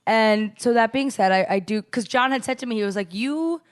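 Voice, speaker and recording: Young female co-host, relaxed chatty delivery, frequent "like" fillers. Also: fairly high pitch, a little fast, clean tone. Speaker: podcast co-host. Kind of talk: casual chat.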